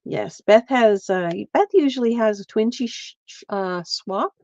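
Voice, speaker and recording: A woman talks her viewers through a craft project at a slow, easy pace, explaining each step as her hands work. Her voice sits a little high. The stream audio is dry and dull, with a lo-fi edge. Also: expressive, darkish tone, no echo. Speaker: craft livestream host. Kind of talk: casual crafting demonstration.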